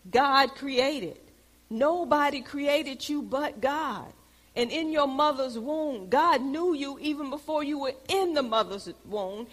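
Animated woman preaching in a reverberant hall. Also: high voice. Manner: animated storytelling, rises to loud exclamations. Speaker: bible study teacher. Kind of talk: sermon-style teaching.

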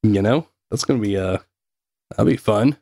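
A man with a North Carolina accent co-hosting a stream, relaxed and laughing as he curses. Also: fairly low pitch, moderate pace, vocal fry, no room sound, clean studio sound. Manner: laid-back, laughing, cursing. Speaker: co-host. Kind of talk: casual chat on a live stream.

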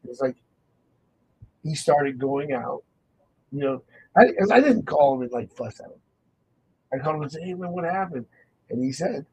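A man hosting a faith radio talk show, telling a personal story with lively acted-out dialogue. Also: on the high side, moderate pace, long pauses, a little hiss or hum, rough recording. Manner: animated storytelling, acts out quoted dialogue.

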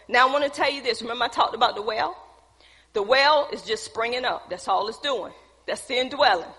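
A high-voiced woman preaches a sermon in a hall with a long, trailing reverb. Her tone is bright and slightly husky. She keeps putting questions to the congregation and slips in casual asides between the scripture. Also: a little fast.

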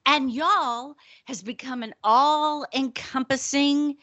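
A middle-aged woman co-hosting a podcast, telling stories in an animated way and laughing often. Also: high-pitched, slow, dry recording, lo-fi sound. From the American North. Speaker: podcast co-host. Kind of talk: casual chat.

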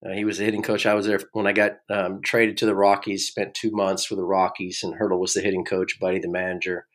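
A man's voice: low voice, flat delivery, quick pace, a bit bright. A middle-aged man and former ballplayer hosting a podcast, telling rambling stories with repeated words and chuckles. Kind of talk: casual storytelling chat.

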